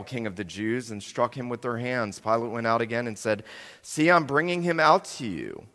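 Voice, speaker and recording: A man's voice: on the low side, fairly bright tone. A male pastor reading scripture aloud and preaching a sermon, giving the quoted lines dramatic emphasis. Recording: long hall reverb.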